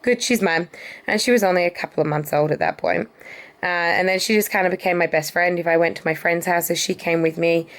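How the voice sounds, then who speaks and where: Young woman, casual home vlog, chatty, affectionate, slightly low voice, camera resting on a bed. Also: fairly even intonation, fast. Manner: chatty and affectionate, coos at her dogs. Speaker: vlogger introducing her dogs. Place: home, indoors.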